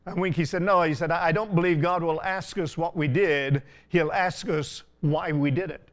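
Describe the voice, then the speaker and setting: An older man preaching a sermon, telling stories in an unhurried way with frequent asides. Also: a little high, fairly even intonation. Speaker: pastor.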